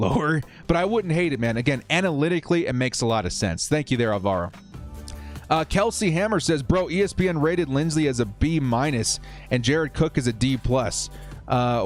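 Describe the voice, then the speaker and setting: A man hosts a casual football livestream, reading viewer comments and giving fired-up, animated opinions in a medium-pitched voice.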